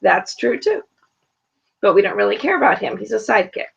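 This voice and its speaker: A woman co-hosting a casual reality TV chat with her son, ranting in a blunt, profane, animated way. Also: medium pitch, fairly quick, vocal fry, dull audio, a little hiss or hum. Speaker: podcast co-host, mother.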